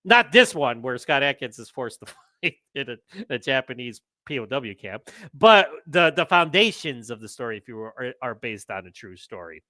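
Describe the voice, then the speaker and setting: A man hosting a podcast in casual chat, excitable and ranting, with the odd curse. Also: mid-range voice, normal speed, dry recording. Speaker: podcast host.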